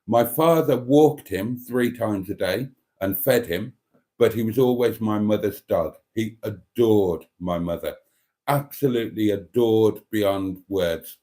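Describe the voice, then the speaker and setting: A man's voice: fairly low pitch, a little slow, dark tone. A man hosting a casual live stream, rambling through a story and reading out viewer comments.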